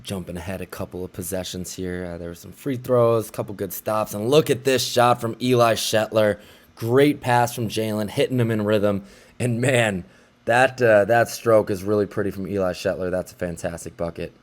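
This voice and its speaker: A young man casually recapping basketball highlights like an excited fan commentator. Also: moderate pace.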